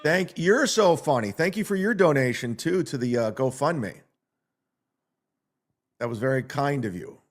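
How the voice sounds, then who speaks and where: A man's voice: mid-range voice, animated, measured pace, pauses often. A man hosting a livestream, ranting in a mocking, sarcastic way and reading viewer donations aloud. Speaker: livestream host.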